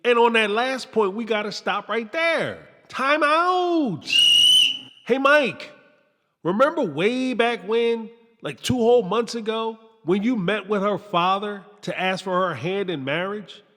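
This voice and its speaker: A man hosting a reality TV review, talking in an animated, sarcastic, slangy commentary style. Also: high voice, a little slow, hardly any pauses, long reverb tail. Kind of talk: commentary monologue.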